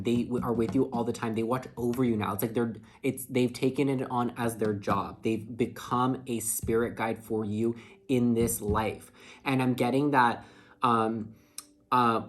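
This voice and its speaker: Male tarot reader, tired, casual and earnest, lots of fillers, middle pitch. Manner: chatty, filler-heavy, heartfelt. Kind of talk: casual tarot reading monologue. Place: indoors under a ring light.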